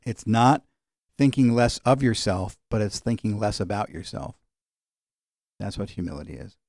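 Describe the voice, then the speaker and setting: A man teaching a sermon in a conversational way, slowing down when he quotes scripture. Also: on the low side, steady tone, a little mellow, no room sound, studio quality. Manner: conversational, varies pace for emphasis, slows on scripture. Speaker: pastor.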